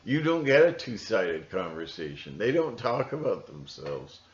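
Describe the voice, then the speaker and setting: A man's voice: very animated, measured pace. A middle-aged man rambling through a monologue, repeating himself and now and then mimicking others. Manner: meandering, repeats himself, mimics people in shrill voices. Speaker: conspiracy video host. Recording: echoey room, dull lo-fi sound.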